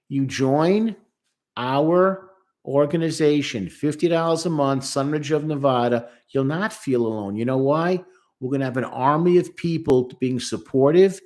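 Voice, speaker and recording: A little high and darkish in tone, a therapist's voice delivers emphatic commentary on a song. As he explains, he quotes the lyrics and acts out lines and voices.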